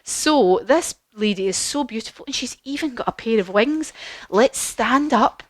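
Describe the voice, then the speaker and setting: A woman leading a children's yoga class as a story, animated and encouraging, with gasps and questions. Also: fairly high pitch, moderate pace, dry recording. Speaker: kids yoga teacher.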